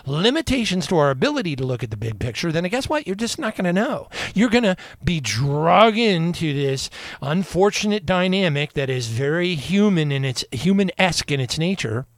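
A man's voice: fairly high pitch, big pitch swings, normal speed, no room sound. Preachy male radio host, dry sound. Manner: emphatic, repetitive, preaching. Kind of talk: rambling preachy radio monologue.

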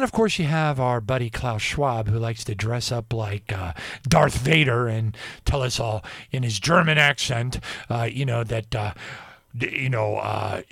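A man's voice: on the low side, gravelly, slightly rough, no echo, clean studio sound. A man hosting a radio show, talking in a rambling, digressive casual monologue.

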